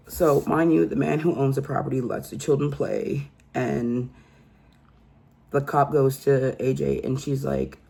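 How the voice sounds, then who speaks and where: A woman's voice: low voice, normal speed, gravelly, darkish tone, slightly rough. A woman hosting a casual true crime recap and telling the story in a chatty, incredulous way.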